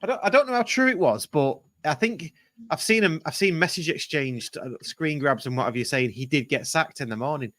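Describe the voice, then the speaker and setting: A man's voice: on the high side, expressive, brisk, fairly bright tone, dry recording, studio quality. A man hosting a casual football podcast, jokey and laid-back, often ending with tag questions. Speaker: podcast host.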